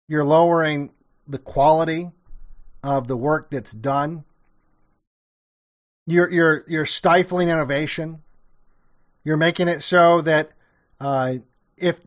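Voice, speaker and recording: Here a fairly high-pitched man reacts to an old TV show in casual commentary, loose and sarcastic with lots of swearing. He rambles, often going back over his sentences to restart them, and the recording sounds dull and lo-fi.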